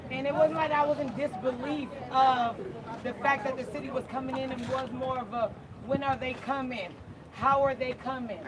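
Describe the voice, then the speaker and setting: A speaker calmly telling a personal account at an outdoor protest. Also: high-pitched, normal speed. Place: outdoor street gathering. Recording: loud crowd and street noise outdoors.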